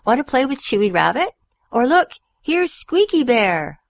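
A man's voice: high-pitched, expressive, measured pace, slight background noise. A woman voicing a friendly, earnest young male pet dog in a storybook read-aloud, eager and good-natured. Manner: eager, good-natured, plaintive when scolded.

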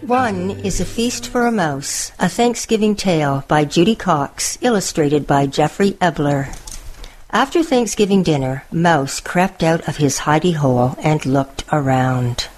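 A woman storyteller reading picture books aloud in a slow, expressive way. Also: low voice.

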